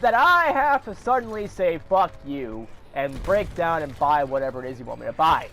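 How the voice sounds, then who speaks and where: A man's voice: fairly high pitch, big pitch swings, a little fast, pushed and bright, a little hiss or hum. A man delivering a heated, profane rant to camera, swearing often and throwing in sarcastic asides. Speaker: vlogger.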